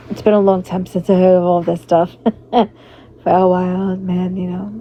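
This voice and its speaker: A woman livestreaming in a loose, rambling way, greeting her viewers and fighting a hoarse, fading voice. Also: on the low side, little pitch movement, normal speed. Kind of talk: casual livestream chat. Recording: dull lo-fi stream audio with faint noise.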